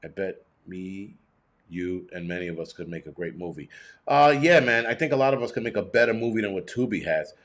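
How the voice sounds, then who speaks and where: A man hosting a prepping channel, chatting casually on a livestream and reacting to viewer comments, blunt and profane, rambling with many restarts and swinging between high and low pitch. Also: a little fast. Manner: animated, jumping between high and low pitch when ranting.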